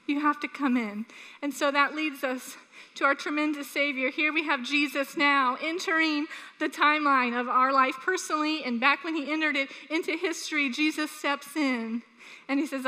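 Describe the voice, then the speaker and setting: A woman preaching a sermon, telling a story from her own childhood with animated, earnest appeals to the congregation. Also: sits high, moderate pace. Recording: long hall reverb.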